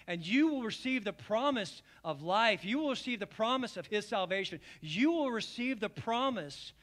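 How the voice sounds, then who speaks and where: A pastor addresses his congregation with a communion sermon during a church service. His pleading, heartfelt delivery moves between forceful appeals and soft, hushed invitations.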